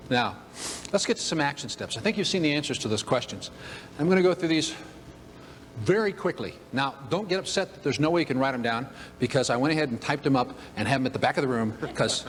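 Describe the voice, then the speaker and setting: An older man giving a motivational talk, telling a humorous story in an animated way to a room of listeners. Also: on the high side, slight background noise. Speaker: motivational speaker. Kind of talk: storytelling keynote speech. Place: event room with audience. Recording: long hall reverb.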